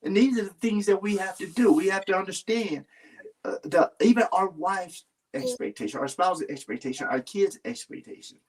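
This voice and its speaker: A man talks earnestly in a casual, heartfelt conversation, rambling and restarting his sentences. His high, animated voice has a breathy edge and a moderate pace, and he sounds a little far from the mic.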